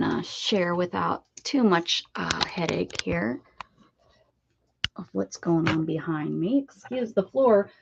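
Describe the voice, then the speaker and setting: Husky and gravelly, with a lowish voice and a slightly slow pace, a woman hosts a crafting stream from her home craft room. She chats casually, greets viewers by name and talks to her pets over dull lo-fi audio.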